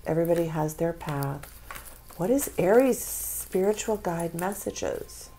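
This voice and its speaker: A woman's voice: fairly low pitch, expressive, a little slow, warm tone, slight background noise. A woman giving a tarot reading, speaking with spiritual feeling and emotion, close to tears. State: tearful. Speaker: tarot reader.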